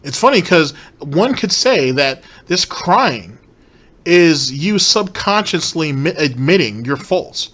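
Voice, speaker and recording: Brief: male commentator, slightly higher voice, blunt and cursing, repeats for emphasis. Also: very animated, measured pace, fairly bright tone, husky. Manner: blunt, profane, emphatic repetition. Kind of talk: reaction commentary.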